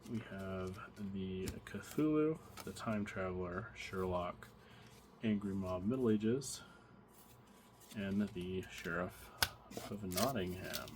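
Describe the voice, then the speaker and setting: A man with a low-pitched voice speaks slowly as he opens card packs, giving casual unboxing commentary. He thinks aloud with plenty of fillers and restarts, over background noise and the crinkle of cards.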